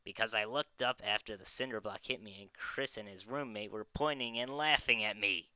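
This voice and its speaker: A man's voice: lowish voice, normal speed, pushed and bright, smooth, no room sound. A man voicing an indignant elderly male caller in a put-on old man voice.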